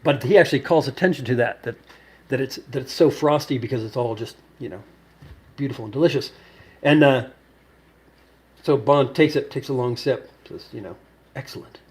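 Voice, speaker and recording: A man's voice: mid-range voice, normal speed, long pauses, darkish tone. A man hosting a cocktail show, telling a long, rambling story with many fillers and restarts. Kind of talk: casual storytelling to camera.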